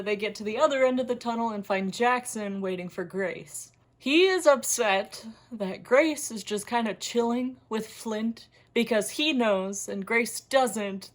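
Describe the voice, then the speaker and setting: A woman's voice: a little high, measured pace. A woman recapping a book in a casual, comedic way, sarcastic and often laughing as she talks. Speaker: book reviewer.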